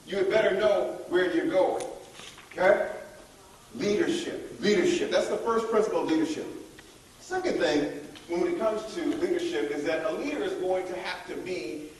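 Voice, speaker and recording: A man giving a lively motivational leadership workshop, rallying the audience to join in. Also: high voice, normal speed, far from the mic, slight background noise. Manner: energetic, calls on the audience to join in. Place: large echoey room at a college event. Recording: echoey room, voice heard from afar.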